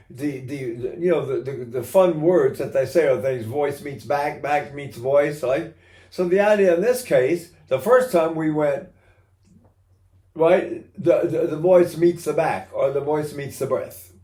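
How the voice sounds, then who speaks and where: A man's voice: on the high side, mellow. An older man teaching singing technique, talking animatedly and breaking into short sung vowels and laughs to demonstrate. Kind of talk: singing lesson with sung examples. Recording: roomy echo.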